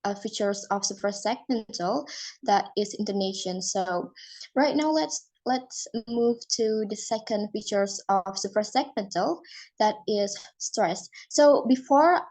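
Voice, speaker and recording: A woman's voice: mid-range voice, unhurried, a little mellow, low-quality recording. A woman teaching an English phonology lesson, explaining step by step with fillers and restarts.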